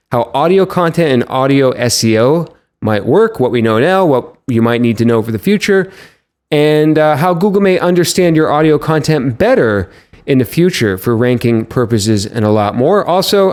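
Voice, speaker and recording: Lively-pitched male podcast host. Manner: upbeat, playful announcer voice at times. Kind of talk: podcast intro and interview.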